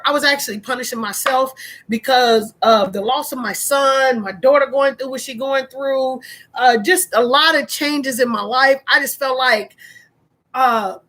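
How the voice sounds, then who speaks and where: A middle-aged woman telling a personal story in a vlog, speaking slowly and haltingly with many pauses and fillers. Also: high voice, sharp tone. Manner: emotional, fighting back tears. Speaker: vlogger.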